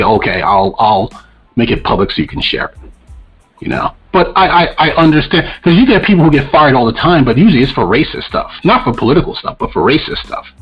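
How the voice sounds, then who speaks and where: A man talks bluntly and profanely as a podcast co-host, ranting in a casual, opinionated way. His voice sits at an ordinary middle pitch. The audio is dull and lo-fi, with faint music underneath. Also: husky.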